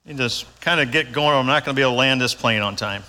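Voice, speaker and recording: A man's voice: mid-range voice, fast talker, bright, forceful tone. An older man preaching a sermon in a folksy, conversational way, acting out his own lines as he goes. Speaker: pastor. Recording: long hall reverb.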